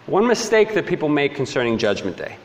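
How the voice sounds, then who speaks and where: Animated preacher man in a reverberant hall. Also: brisk. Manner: mocks complainers in high mimicking voices, then drops low and stern. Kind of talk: sermon.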